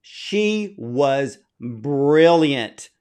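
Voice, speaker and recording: A man's voice: medium pitch, animated, drawn-out words, a little mellow, clear, resonant tone. A man interviewing a film director, effusive and admiring in his questions. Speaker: interviewer, host.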